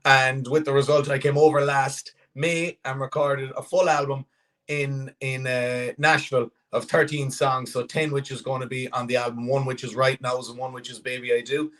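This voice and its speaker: A man's voice: medium pitch, flat delivery, normal speed, a bit bright. An Irish man from the west of Ireland, a country singer chatting upbeat as a radio interview guest, often restarting his sentences. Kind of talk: casual radio interview chat.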